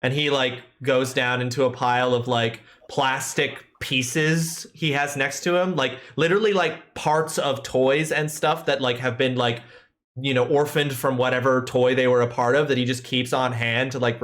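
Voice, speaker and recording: A man's voice: medium pitch, fairly even intonation, normal speed, a bit bright. A man narrating as game master in a casual, rambling way with many fillers.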